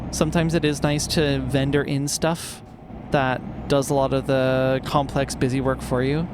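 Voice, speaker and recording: A man's voice: mid-range voice, little pitch movement, measured pace. A man chatting casually while he streams a game, thinking aloud and swearing now and then. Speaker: livestreamer. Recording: loud truck and traffic game noise.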